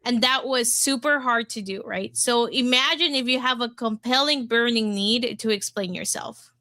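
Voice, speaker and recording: A woman's voice: a little high, normal speed, pushed and bright, no room sound. A woman in a casual podcast chat, talking in a chatty way with lots of fillers. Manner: chatty, filler-heavy, agreeable.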